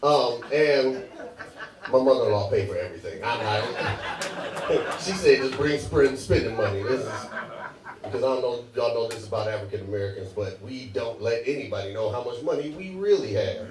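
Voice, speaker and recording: A man's voice: mid-range voice, animated, moderate pace. A man doing a stand-up comedy set on a club stage, loose and chatty, laughing at his own jokes. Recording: echoey club, mic at a distance, crowd.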